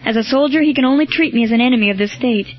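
A man's voice: very high voice, rapid-fire. A woman reading the part of a resolute, commanding male Christian soldier in a storybook. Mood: reflective. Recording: dull lo-fi with faint music.

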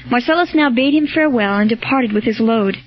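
A woman narrates a storybook in a measured, even manner. Her voice is fairly high. The recording sounds dull and lo-fi, with faint music behind her. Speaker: audiobook narrator. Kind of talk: scripted narration.

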